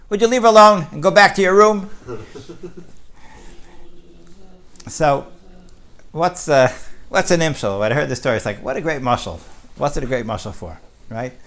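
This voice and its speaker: A man's voice: mid-range voice, creaky. A man giving a conversational Torah class, often checking with his listeners by asking "right?". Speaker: Torah teacher.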